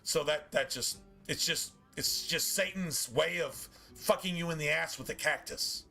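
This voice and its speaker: A man's voice: on the high side, unhurried, gravelly, bright, forceful tone, soft background music. A man streaming a game and ranting casually, swearing often in a preachy, emphatic way. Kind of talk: casual rant while gaming.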